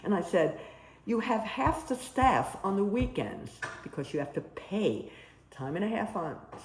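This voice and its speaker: Animated woman telling stories. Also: mid-range voice, a little slow, a little hiss or hum. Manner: animated, acts out quoted dialogue. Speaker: storyteller recalling nursing work abroad. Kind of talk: casual storytelling interview. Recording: roomy with faint ambience.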